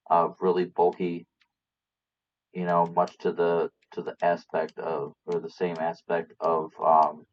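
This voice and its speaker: A man co-hosting a casual recap show, giving his picks hesitantly, with many pauses and restarts. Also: low voice. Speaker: podcast co-host. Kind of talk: casual chat about game picks. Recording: dull lo-fi sound.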